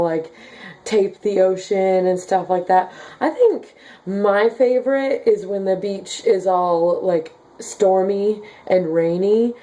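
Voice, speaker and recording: A woman's voice: medium pitch, mellow. A young woman from Kansas with a slight Southern accent, chatting casually as she reads viewer comments, full of "like" and "um" fillers. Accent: slight Southern with Midwestern base. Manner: chatty, many "like" and "um" fillers, giggly. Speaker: vlogger reading viewer comments. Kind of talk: casual chat.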